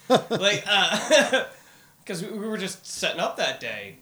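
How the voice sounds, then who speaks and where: A man putting on a prim, dry posh gentleman. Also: sits high, big pitch swings, takes it slowly, slightly rough, pitched above the performer's own voice, full character voice. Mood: amused. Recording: voice heard from away from the mic.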